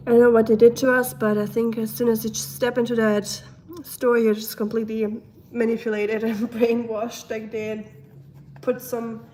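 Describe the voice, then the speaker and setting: Young woman, chatty stream host, higher voice, flat melody, keeps clearing her throat. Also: moderate pace, a little hiss or hum. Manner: chatty, silly, laughs often, switches into German. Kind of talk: casual chat reading live comments.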